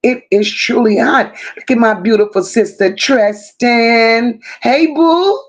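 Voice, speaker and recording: A woman hosting a casual livestream, greeting viewers one by one and reading their chat messages aloud. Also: a little high. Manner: warm drawn-out greetings, reads chat aloud. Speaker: livestream host.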